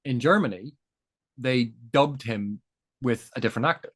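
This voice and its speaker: A man in conversation, unfolding ideas patiently, like a lecturer who has thought it through. His voice sits at an everyday middle pitch for a man. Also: moderate pace, a bit bright. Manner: thoughtful, lecturing, builds points with examples. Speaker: guest. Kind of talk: explanatory interview chat.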